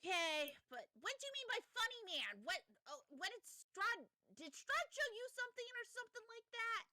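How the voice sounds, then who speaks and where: A woman playing a tabletop game, casual and blunt, and quick to swear. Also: very high voice, sing-song, bright, forceful tone, no echo, clean studio sound. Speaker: player.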